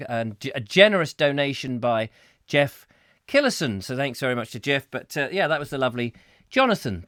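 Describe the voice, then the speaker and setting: A man's voice: medium pitch, fairly bright tone, dry recording, clean studio sound. A man hosting a comic live chat show, chatty and jokey with rambling asides. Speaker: host.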